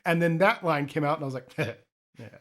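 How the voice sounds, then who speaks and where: A man's voice: fairly high pitch, moderate pace, fairly bright tone. A young man co-hosting a podcast, rambling about movies in casual chat, often restarting his sentences and laughing. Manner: rambling, self-interrupting, swears, laughs often. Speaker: podcast co-host.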